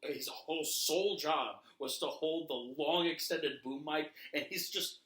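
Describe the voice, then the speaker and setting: A man co-hosting a laid-back wrestling podcast. He tells stories in an animated way and laughs often. His voice is bright and forceful. It sits in an echoey room. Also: a little high, measured pace. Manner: animated, laughing storyteller, swears casually. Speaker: podcast co-host. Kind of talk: casual chat about wrestling.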